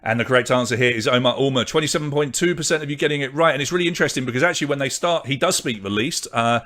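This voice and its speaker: A man hosting an online pub quiz, reading out questions, answer options and scores in a brisk, chatty way. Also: medium pitch, fairly bright tone. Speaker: quiz host.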